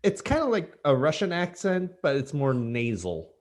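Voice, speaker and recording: A man's voice: a little high, normal speed. Dry-humored man co-hosting a podcast. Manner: dry, deadpan asides with filler-heavy explanations. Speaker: podcast co-host. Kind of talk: casual chat.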